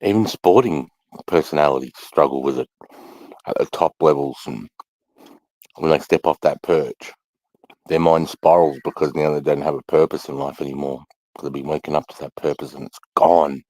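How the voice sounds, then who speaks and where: A man's voice: rumbling low, steady tone, normal speed, darkish tone, no room sound, rough recording. A middle-aged Australian man rambling casually to camera, swearing freely and sighing between thoughts. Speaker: vlogger.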